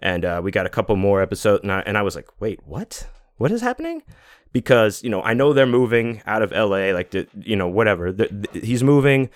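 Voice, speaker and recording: Deep-ish guy in his 40s rambling on his podcast, lots of you know and like, dead dry mic. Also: quick pace, hardly any pauses, smooth, dry recording. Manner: rambling, profane, many restarts and fillers. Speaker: podcast host. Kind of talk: casual monologue.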